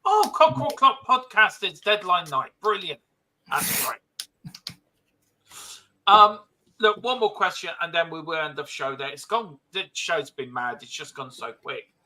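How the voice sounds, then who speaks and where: A man with a high, very bright and forceful voice hosts a loose football chat show. He rambles, restarts his sentences and laughs easily while steering the talk. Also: lively intonation, unhurried, rough recording. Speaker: host. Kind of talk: casual football podcast chat.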